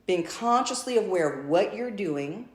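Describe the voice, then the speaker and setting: A woman's voice: medium pitch, animated, measured pace, echoey room. A woman channeling a spiritual message to a group, speaking as a collective "we" in a repetitive, effusive way.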